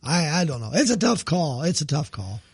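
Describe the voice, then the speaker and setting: Male co-host, slightly high voice with a lively range, dry close recording, wry one-liners. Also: normal speed, slightly rough, no echo. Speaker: podcast co-host. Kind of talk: casual comedy chat.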